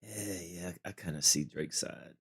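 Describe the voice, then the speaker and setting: A man hosting a reaction video, calmly musing with hesitant restarts. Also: low-pitched, normal speed, husky. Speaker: host reacting to a clip. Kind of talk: reaction commentary.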